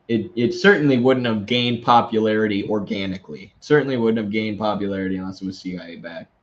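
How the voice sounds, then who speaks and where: A man's voice: lowish voice, dull audio. Sarcastic man reading with commentary. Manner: sarcastic, mocking asides. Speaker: host. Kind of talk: reading an article aloud with commentary.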